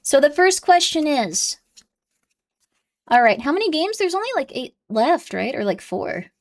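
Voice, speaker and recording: Streamer, young woman, slightly high-pitched, loose and rambling live chat. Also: very animated, unhurried. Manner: chatty, rambling, coos at her cat in a high baby voice.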